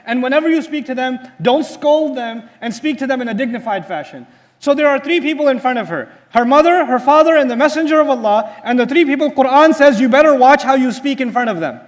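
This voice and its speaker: Male preacher, very high voice, lively storyteller, quizzes the audience. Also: brisk. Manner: asks the audience rhetorical questions; animated storytelling. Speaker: Islamic teacher. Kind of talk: sermon-style lecture.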